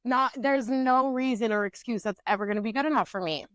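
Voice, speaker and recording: A young adult woman co-hosting a podcast, telling a story in a casual, profane, animated way. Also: on the high side, a little fast, no room sound. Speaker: podcast co-host.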